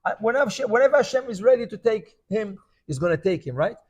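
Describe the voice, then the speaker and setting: A man teaching a Talmud lesson as a rabbi, his voice sitting high for a man. He tells the story with animation, slips into the voices of the people he quotes, and keeps checking in with his listeners. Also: lively intonation, fast talker, a little mellow. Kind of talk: Talmud class.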